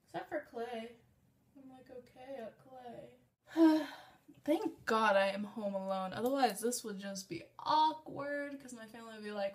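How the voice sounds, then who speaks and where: High-voiced young woman rambling. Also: unhurried. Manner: rambling, self-deprecating chatter. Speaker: vlogger. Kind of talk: casual makeup vlog. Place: at home.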